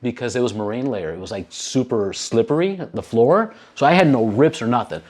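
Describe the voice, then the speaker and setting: Speaking a little fast in a mid-range voice, a man spins a lengthy tale on a laid-back podcast, cursing liberally and animatedly performing other people's lines.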